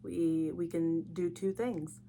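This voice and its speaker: A tired young woman talks on her own podcast in a lowish voice. She rambles in a chatty, reflective way. A faint hum sits under her voice. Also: flat delivery, takes it slowly, dark tone. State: tired, yawning. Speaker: podcast host. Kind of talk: casual solo podcast talk.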